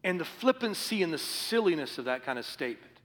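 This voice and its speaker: Forceful preaching pastor in an echoing hall. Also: male voice, fairly high pitch, sing-song, fast. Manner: earnest preaching, rising to forceful emphasis. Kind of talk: sermon. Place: church sanctuary.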